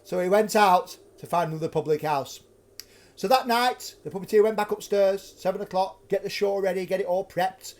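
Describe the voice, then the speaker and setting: A man hosting a live stream from his flat, telling a ghost story in a chatty, animated way. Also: sits high, moderate pace. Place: flat at home.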